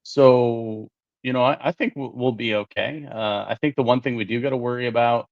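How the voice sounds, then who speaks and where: A man co-hosting a sports talk show, relaxed and rambling, peppering his speech with fillers. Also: mid-range voice, normal speed, vocal fry, no echo, muffled recording. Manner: relaxed, lots of "uh" and "you know". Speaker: podcast co-host.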